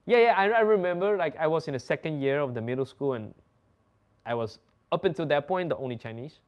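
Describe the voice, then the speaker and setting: Pausing often, a young Dutch host talks at normal speed in a fairly high voice over dull-sounding audio. His casual storytelling is animated, loose, and peppered with swearing and laughter.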